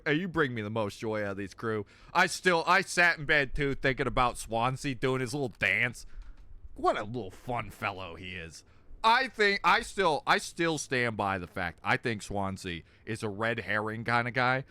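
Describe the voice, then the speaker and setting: A young man giving joking, animated commentary while playing a horror game on a let's play. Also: mid-range voice, no room sound. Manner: animated, joking, laughs often.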